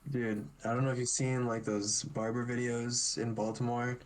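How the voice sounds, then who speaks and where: A man's voice: mid-range voice, flat delivery, moderate pace. A young American man chatting casually on a podcast, rambling with plenty of fillers. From United States. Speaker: podcast co-host. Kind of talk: casual chat.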